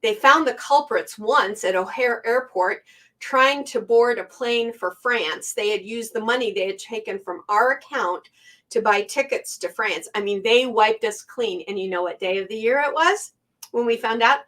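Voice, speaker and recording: A woman's voice: on the high side, moderate pace, fairly bright tone. A middle-aged woman hosting a quilting channel, talking to her viewers in a chatty, heartfelt, rambling way. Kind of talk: casual talk to camera. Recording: voice a bit far from the mic.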